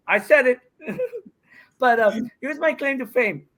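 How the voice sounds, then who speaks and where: A man's voice: very high voice, measured pace, a bit bright, low-quality recording. A middle-aged man from India, a pickleball pro guesting on a podcast, telling stories in a brash, joking way with swearing and frequent laughs. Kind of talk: casual podcast chat.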